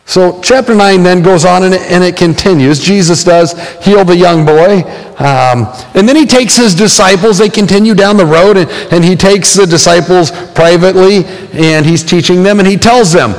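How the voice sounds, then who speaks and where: Pastor, man, slightly high voice, relaxed storytelling sermon with fillers, long church reverb. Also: moderate pace. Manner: conversational storytelling with frequent fillers, acting out quoted voices.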